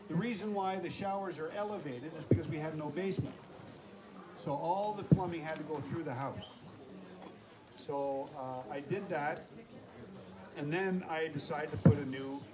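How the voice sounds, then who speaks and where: An older man tells folksy, self-mocking stories in a farewell speech outdoors at a campground. His voice sits a little high for a man. A phone on a tripod catches him from a distance, and the chatter of a gathered crowd fills the background. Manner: folksy anecdotes, self-deprecating jokes. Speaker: retiring campground owner giving a farewell speech. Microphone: phone camera on a tripod at a distance. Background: crowd of campers.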